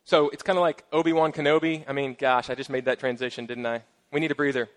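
A middle-aged man preaching a sermon as pastor, casual and playful with joking asides and lively emphasis. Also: mid-range voice, quick pace.

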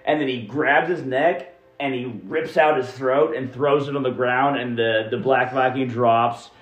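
A man's voice: medium pitch, steady tone, unhurried. A man narrating as game master in a casual, laid-back way. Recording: roomy, dull sound with faint music.

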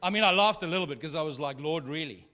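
Man, pastor, high voice, conversational sermon, jokey storytelling, long hall reverb. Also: very fast, bright, forceful tone. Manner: conversational, humorous storytelling with laughs.

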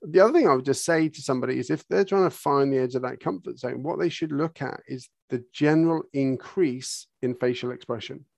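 A man with an animated manner, explaining horse behaviour as a guest on a podcast conversation. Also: mid-range voice, fairly quick, creaky, few pauses, dry recording, studio quality. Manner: animated, acts out what horses and people would say.

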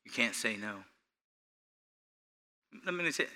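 A pastor preaching an earnest, animated sermon in a church, repeating phrases for emphasis and chuckling between points. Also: male voice, mid-range voice, moderate pace.

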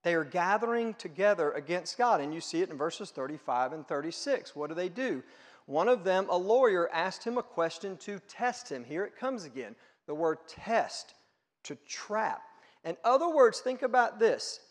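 A man preaching a sermon with a fairly high voice. He talks earnestly and conversationally, asking questions aloud. His voice rings with a long reverb, as in a big hall. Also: very animated, moderate pace. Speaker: pastor.

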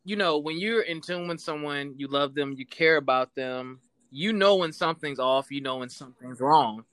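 A man's voice: fairly high pitch, moderate pace, a bit bright, no room sound. A man co-hosting a casual talk about relationships, candid and profane, telling stories with laughs.

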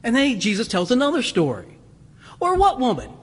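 A man preaching a sermon, animated and chuckling, acting out voices in the story. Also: very high voice, normal speed, slightly rough, long reverb tail. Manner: animated, laughs often, acts out voices. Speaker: pastor.

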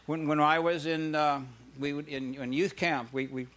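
A man's voice: fairly high pitch, moderate pace, hardly any pauses, fairly bright tone. A man preaching a sermon, telling stories in an earnest way and building to fervent emphasis. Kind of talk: sermon with storytelling.

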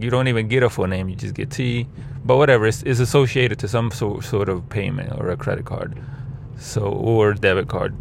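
A man telling a rambling, profane story from his car about his rideshare driving, switching into animated quoted voices. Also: lowish voice, gravelly, slight background noise. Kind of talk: casual storytelling.

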